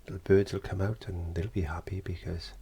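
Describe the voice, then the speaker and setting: A lonely little storm cloud, misunderstood but kind, speaks softly in a low, husky voice, put on by a man telling a story. It talks gently, sad yet warm-hearted. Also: flat delivery, brisk, heavily acted. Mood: wistful.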